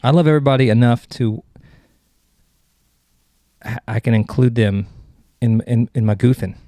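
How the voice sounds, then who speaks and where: A man's voice: medium pitch, moderate pace, mellow, dry recording. A man hosting a comedy podcast, rambling through jokes and cutting himself off mid-sentence. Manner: rambling, self-interrupting, joking. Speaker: podcast host.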